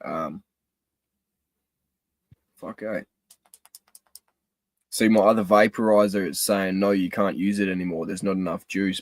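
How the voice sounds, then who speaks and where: Sweary young Australian man, very low voice. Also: darkish tone, no echo. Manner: laid-back, sweary, laughs a lot. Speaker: livestream host. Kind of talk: casual live-stream chat.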